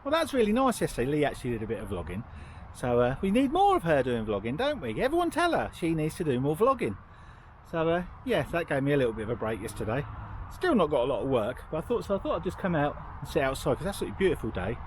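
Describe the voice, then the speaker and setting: Middle-aged man, cheeky joker, lively voice, slightly high, faint hiss. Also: quick pace. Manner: joking, cheeky banter. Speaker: vlogger. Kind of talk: casual vlog chat. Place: outdoors by a narrowboat.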